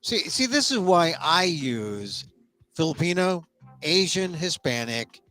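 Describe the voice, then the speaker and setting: A man's voice: on the high side, slow pace, dry recording, faint music behind. An older man hosting a talk show, chatting casually and playfully toying with words. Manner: animated, playful with wordplay. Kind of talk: casual conversation.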